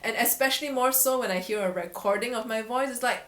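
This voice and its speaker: A woman's voice: on the high side, quick pace, a bit bright. Reflective woman voice coach, roomy sound. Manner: reflective, candid, laughs at herself often. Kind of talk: casual vlog talk to camera. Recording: echoey room.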